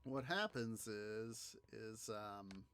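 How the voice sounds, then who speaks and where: A man hosting a gaming video, telling a story in a halting, rambling way, full of fillers and restarts as he plays. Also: lowish voice, animated, fairly bright tone. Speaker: gaming channel host. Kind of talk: casual gameplay commentary.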